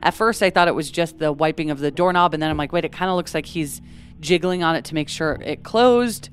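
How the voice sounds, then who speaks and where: A woman's voice: sits low, a little fast, slight background noise. A woman co-hosting a true crime podcast, reading from a script and breaking into casual asides. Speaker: podcast co-host.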